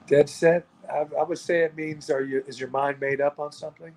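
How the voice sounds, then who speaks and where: A man's voice: a little high, level tone, brisk, darkish tone, poor audio. A middle-aged man, a guest in a casual interview, guessing at unfamiliar slang in a puzzled, good-humored way. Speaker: interview guest, former wrestler.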